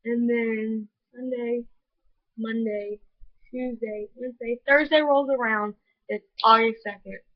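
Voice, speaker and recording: A woman's voice: on the high side, fairly even intonation, slow, dry recording. A teenage girl telling a personal story in a vlog, earnest and gushing, with many "like" fillers. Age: teens. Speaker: vlogger. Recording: dull lo-fi home video audio.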